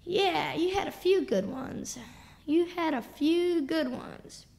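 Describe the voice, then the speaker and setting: Profane high-voiced woman doing spoken word. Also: slow, vocal fry, a little mellow. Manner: raw, profane, rhythmic storytelling. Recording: long reverb.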